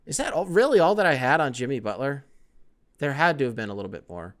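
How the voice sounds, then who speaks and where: A fast-talking young man with a medium-pitched voice hosts a laid-back sports podcast. He's animated and profane, rambling and jumping from one topic to the next.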